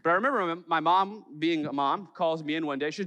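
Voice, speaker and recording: A man from Chicago preaches in a church, spinning stories with jokes and putting on voices for the people in them. His voice sits a bit high. Long reverb from the large hall trails after his words. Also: fast. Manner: lively storytelling with jokes and acted quotes. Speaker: pastor. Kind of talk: sermon. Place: church sanctuary.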